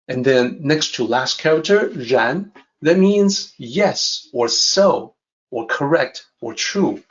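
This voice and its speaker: Slow, measured man explaining a text. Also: medium pitch, lively intonation, muffled recording. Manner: measured, repeats and rephrases ideas. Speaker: teacher explaining a classic text. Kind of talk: calm explanatory lesson.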